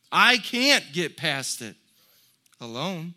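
A man preaching with a high, very bright and forceful voice. He speaks in an unhurried way, earnest and folksy, and his exhortations build in force. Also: sing-song. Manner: folksy storytelling with light laughs. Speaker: pastor. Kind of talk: sermon.

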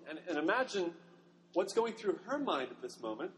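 A man's voice: a little high, big pitch swings, normal speed, a bit bright. A male pastor preaching a sermon, dramatizing a story as he tells it. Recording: long hall reverb, faint noise.

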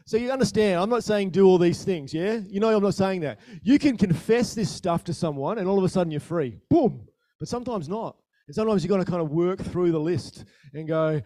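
A man preaching a sermon in a conversational style, asking the listeners questions and telling stories with sudden bursts of loudness. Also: high voice, brisk, hardly any pauses, no room sound, studio quality. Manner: animated storytelling with sudden rises in volume. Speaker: pastor.

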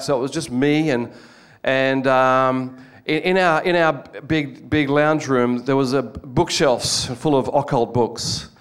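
A man's voice: mid-range voice, smooth. A man telling his life story as a testimony sermon to a congregation, earnest, often restarting and repeating words. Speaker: guest speaker giving testimony.

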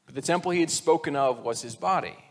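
A man's voice: a little high, fast, big-room sound. A man preaching a sermon in a casual, conversational way, acting out the voices he quotes and dropping almost to a whisper to stress a point. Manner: conversational, acts out quoted voices, drops to near-whisper for emphasis. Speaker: pastor.

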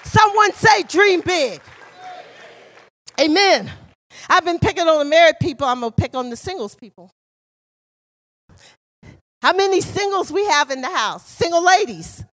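A middle-aged woman preaching in a church with a very high voice. She tells stories and often rises into passionate shouting. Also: animated, normal speed, pauses often. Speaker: guest preacher. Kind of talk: sermon. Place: church sanctuary.

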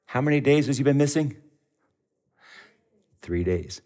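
A man's voice: mid-range voice, lively intonation, unhurried, pauses often, darkish tone. A middle-aged man preaching a sermon as pastor, telling the story with animation and acting out the voices in it.

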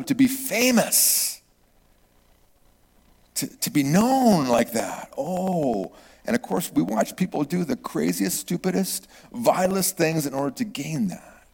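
A middle-aged man preaching a sermon, swinging from loud exclamations to hushed whispers. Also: on the low side, creaky, breathy edge. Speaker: pastor. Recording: long reverb of a large hall.

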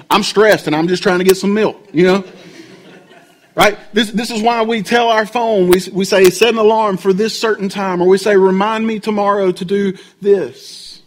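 High-voiced pastor, chatty sermon. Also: male voice, poor audio. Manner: conversational, animated, asks the congregation frequent checks like "right?". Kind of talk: sermon with storytelling.

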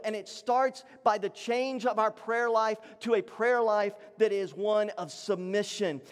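A male pastor preaching a sermon, swinging between raised emphatic lines and low, hushed ones. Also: big-room sound.

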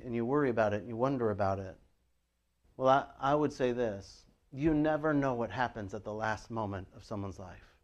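A middle-aged man preaching a sermon in a loose, conversational way, retelling scripture with lively storytelling. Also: medium pitch. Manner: conversational, animated storytelling with frequent "I mean" and "like". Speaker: pastor.

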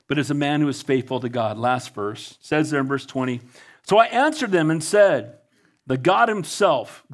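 A male pastor delivers a sermon with fervent energy. His voice sits a little on the high side. He reads scripture aloud and urges his listeners on.

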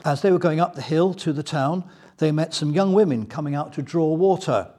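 Husky-voiced man teaching the Bible. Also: a little high, fairly quick. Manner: lively storytelling, paraphrasing scripture. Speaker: preacher.

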